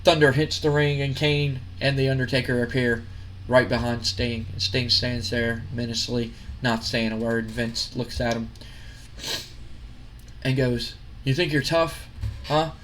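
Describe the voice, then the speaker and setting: A man's voice: mid-range voice, monotone, unhurried, fairly bright tone, a little hiss or hum. A man hosting a gaming video, narrating a recap casually with some restarts.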